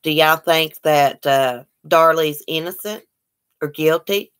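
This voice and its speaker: Woman livestream host, deep voice, chatty, reads comments aloud. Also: slow, fairly bright tone, clean tone. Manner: chatty, reads out viewer comments and greets them. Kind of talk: casual livestream chat.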